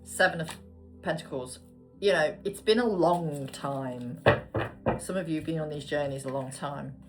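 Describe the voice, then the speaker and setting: A woman's voice: low voice, normal speed, soft background music. A woman giving a casual, chatty tarot reading, murmuring card names and swearing now and then. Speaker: tarot reader.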